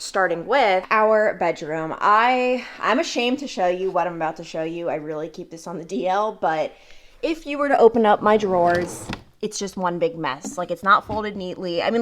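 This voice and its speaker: A woman's voice: medium pitch, fairly bright tone. Chatty young woman vlogging at home. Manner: chatty, filler-heavy with frequent "like". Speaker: lifestyle vlogger. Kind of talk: casual vlog chat.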